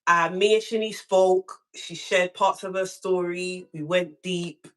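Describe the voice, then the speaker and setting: Animated woman hosting a live stream. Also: a little slow. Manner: animated storytelling, acts out quotes with big pitch jumps. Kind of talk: casual live-stream chat.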